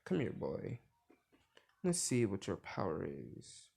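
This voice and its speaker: A gruff old guild master, towering and short-tempered, barks out his lines in a slow, gravelly voice. A young man puts him on while retelling a cartoon story. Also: low-pitched, wildly swooping pitch, dark tone, voice pushed down, heavily acted. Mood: commanding.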